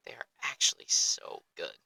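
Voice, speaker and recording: Bright-voiced young man, fast casual podcast talk. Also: dry recording, low-quality recording. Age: young adult. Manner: excitable, profane, rambling. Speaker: podcast host. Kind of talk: casual chat.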